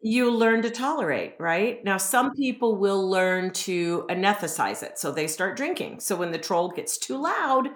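A woman's voice: mid-range voice, expressive, a little slow, few pauses. A woman guest speaking as an expert on a podcast, explaining earnestly and often checking in with "right?" and "you know". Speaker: guest expert on self-esteem. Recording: roomy echo.

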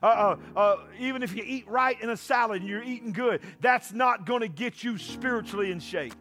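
Pastor, male, bright high voice, shouting call-and-response sermon. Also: fairly quick, soft background music.

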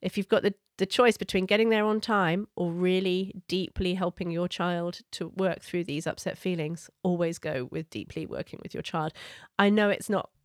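A middle-aged woman coach giving parenting advice in an earnest, gentle, conversational way. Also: fairly low pitch, normal speed, no echo, studio quality.

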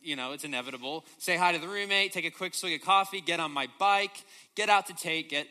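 A young man delivers a sermon, pressing his listeners with rhetorical questions and storytelling. His voice sits high for a man, with a very bright, forceful tone. He speaks in an animated, conversational way. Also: a little fast. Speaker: preacher.

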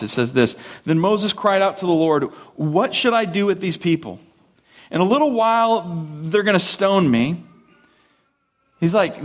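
A man preaching a sermon as a pastor, talking in a conversational way and acting out the story with lively voices. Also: a little high.

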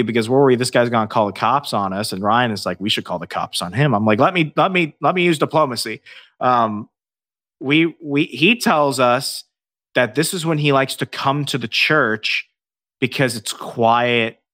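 A man telling a ghost-hunting story in casual podcast chat, swearing freely and acting out what everyone said. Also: mid-range voice. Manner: profane, animated storyteller acting out dialogue. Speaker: podcast guest, paranormal investigator.

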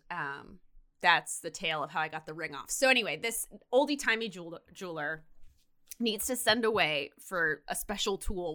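Chatty bright-voiced young woman. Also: medium pitch. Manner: chatty, animated, heavy on "like" and swearing. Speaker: podcast co-host. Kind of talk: casual chat, retelling a story.

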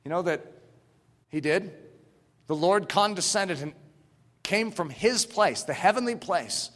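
A man preaches with fervor in a high, ringing, bright voice, climbing to shouts and then sinking to a hushed near-whisper. His sermon carries a long reverb from a church hall. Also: measured pace. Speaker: pastor.

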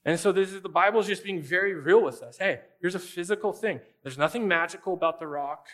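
A man's voice: sits high, a little fast, a bit bright. Emphatic, conversational male pastor. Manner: conversational, emphatic, addresses listeners directly. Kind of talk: sermon.

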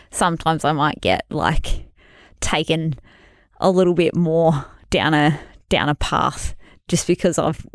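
A woman co-hosting a podcast, telling an animated, self-deprecating story and laughing often. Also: low voice, dry recording, clean studio sound. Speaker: podcast co-host. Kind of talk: casual storytelling chat.

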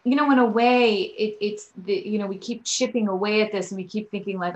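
A woman's voice: mid-range voice, fairly even intonation, a little fast, hardly any pauses, rough recording. A woman guest on a podcast interview, a yoga teacher telling stories and acting out quotes with animation.

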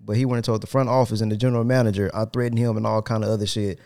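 A man hosting a casual podcast, telling an animated, profane story with laughter. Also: on the low side, racing. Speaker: podcast host.

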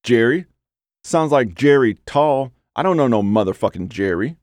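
A man's voice: lowish voice, expressive, moderate pace, darkish tone, no echo, clean studio sound, natural voice. A man voicing a brash, profane young male car thief who talks with street swagger in an audiobook. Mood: belligerent. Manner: swaggering, cursing street talk.

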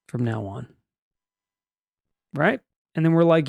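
Male podcast host, slightly high voice, dry close sound, chatty and joking, rambles off topic. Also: moderate pace, gravelly, pauses often, no room sound. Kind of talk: casual news podcast chat.

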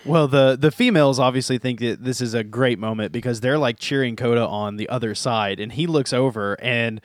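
A man's voice: mid-range voice, a little fast, no room sound. Amused man chatting, dry close sound. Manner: amused, chatty, lively asides. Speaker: podcast co-host. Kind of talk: casual anime recap chat.

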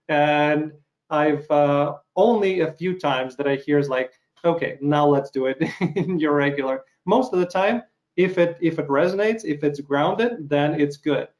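A man interviewing a guest, who talks about his own auditions in a loose, rambling way, thinking aloud. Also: a little high. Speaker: interviewer and actor. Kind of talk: casual interview talk.

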